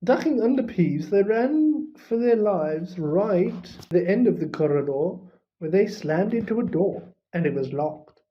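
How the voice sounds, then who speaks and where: Brief: slow, deliberate audiobook narrator, mid pitch, muffled home recording. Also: animated. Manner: measured, unhurried reading. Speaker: audiobook reader. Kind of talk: storybook narration.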